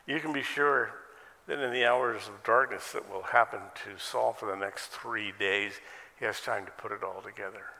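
A man's voice: fairly low pitch, fairly even intonation, moderate pace, gravelly, bright, forceful tone, in a large hall. An American man preaching a sermon, firing off rhetorical questions and folksy asides. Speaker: pastor.

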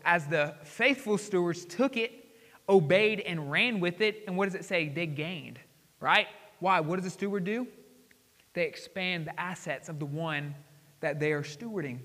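A man pastor preaching a sermon, often asking the congregation questions and swinging between loud emphasis and quiet asides. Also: a little high. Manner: call-and-response questions to the congregation. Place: church sanctuary. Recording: long hall reverb.

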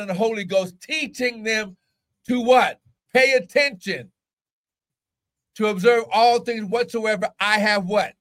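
Casting note: man with a high voice, preaching a fiery online sermon, slow and deliberate, veering from shouts to near-whispers.

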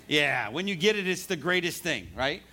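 A man's voice: on the high side, animated, moderate pace, bright, forceful tone. A man preaching a sermon in a conversational way, repeating words as he talks and reading scripture aloud. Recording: live service recording.

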